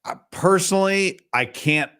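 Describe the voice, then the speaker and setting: A man's voice: high-pitched, measured pace, bright, forceful tone, clean tone. A man hosting a casual sports podcast, talking in a rambling way with restarts mid-thought. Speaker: podcast host.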